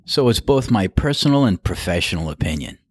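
A man hosting a casual interview, speaking in measured sentences and asking short follow-up questions. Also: fairly low pitch, sing-song, breathy edge, dry recording. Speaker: podcast host.

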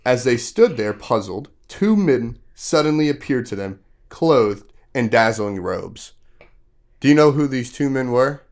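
A man's voice: medium pitch, animated, unhurried. Man, casual storyteller, talking to kids, quizzes them as he goes, lots of fillers, mid-range voice. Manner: casual, asks the kids questions; loose storytelling with many fillers. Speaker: podcast host. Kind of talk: retelling a Bible story to children.

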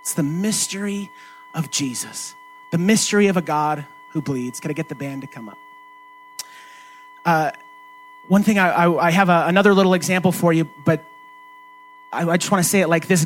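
Male pastor, high pitch, loose conversational preaching with rhetorical questions. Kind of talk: sermon.

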